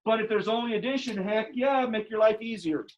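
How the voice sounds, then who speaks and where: High-voiced man teaching math in class. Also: brisk. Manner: emphatic, repeats questions to the class. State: out of breath behind a face mask. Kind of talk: classroom lecture. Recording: dull lo-fi classroom audio.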